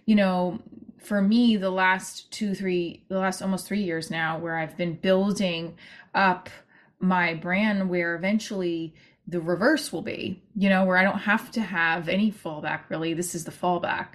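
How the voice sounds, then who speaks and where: A woman's voice: fairly low pitch, steady tone, a little slow. Woman doing a chatty solo podcast, rambly, lots of asides and restarts. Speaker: podcast host and actor-comedian. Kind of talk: casual podcast monologue.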